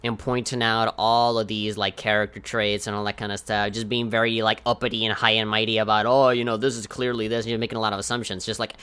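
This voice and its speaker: A man with a lowish voice that still sounds bright and forceful, with a smooth, resonant tone. He tells a story candidly as a podcast co-host and mocks himself in passing. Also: flat delivery, fast talker, few pauses. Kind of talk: casual chat.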